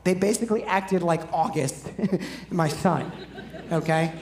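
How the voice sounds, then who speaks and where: A man's voice: fairly high pitch, measured pace, vocal fry, a little mellow, echoey room, slight background noise. A man preaching a sermon as pastor, talking conversationally and putting questions to his listeners. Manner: conversational, asks the audience questions.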